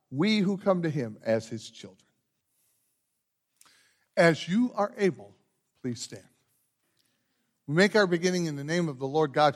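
Lively-voiced pastor leading a service. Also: male voice, sits high. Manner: measured, solemn liturgical delivery. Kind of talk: liturgical church service.

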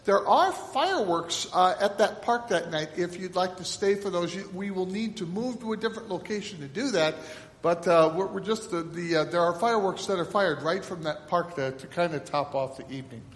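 A man serving as pastor, making announcements and then leading the liturgy in a solemn, measured cadence. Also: high-pitched. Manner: solemn liturgical cadence with call and response prompts. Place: church sanctuary. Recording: echoey church hall, mic at a distance.

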